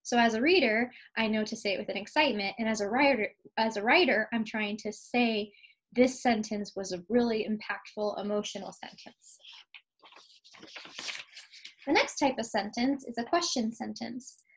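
A woman teacher giving a recorded lesson to young children, patient and clear, slowing down to stress key words. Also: fairly high pitch, poor audio. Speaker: second grade teacher.

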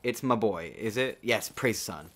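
A man doing gameplay commentary, getting excited, cursing and muttering to himself as he plays. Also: on the low side, normal speed. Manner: excitable, swears a lot, mutters to himself, yells at the game. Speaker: let's play gamer.

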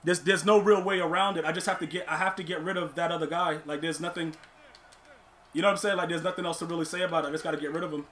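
A young man streaming a football video game, complaining to himself and his chat and shouting in disbelief at bad plays. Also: a little high, steady tone, very fast. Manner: exasperated, talks to himself and chat. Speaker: gaming streamer. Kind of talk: live gameplay commentary.

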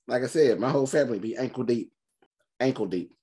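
A man hosting a movie reaction, talking in an animated, slangy way with quick joking asides. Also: mid-range voice, slightly rough. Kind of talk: casual reaction commentary.

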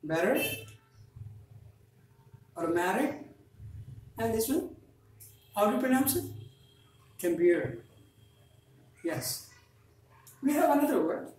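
A woman's voice: fairly high pitch, darkish tone. A woman teaching English pronunciation as a trainer, repeating words and asking learners to say them after her. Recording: very echoey room, mic at a distance, faint noise.

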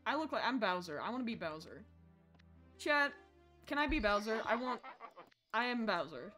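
A woman with a rather high, very lively voice streams a horror game live. She is excitable, shrieking at scares and joking with her viewers in between. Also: moderate pace, long pauses, faint music behind.

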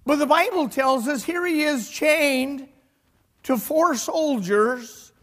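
A male pastor preaching a sermon, retelling a story with animated swings between loud and hushed delivery. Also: very high-pitched, takes it slowly. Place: church sanctuary. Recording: long hall reverb.

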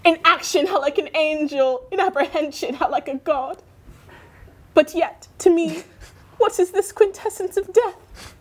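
A woman's voice: very high-pitched, unhurried. A woman playing a bombastic Tyrannosaurus that speaks in Shakespearean verse, roaring and hurling old-English insults in a live comedy sketch. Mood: tragic. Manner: roaring, theatrical Elizabethan ranting.

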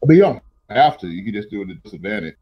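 A man running an online tabletop game as game master, making relaxed, joking rulings. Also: on the low side, fast, poor audio.

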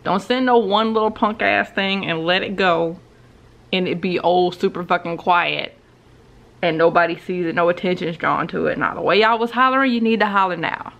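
A woman's voice: lowish voice, moderate pace, vocal fry, a bit bright. A woman vlogging about books, ranting bluntly and profanely to her camera at home. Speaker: book vlogger. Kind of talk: ranting commentary vlog. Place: home recording.

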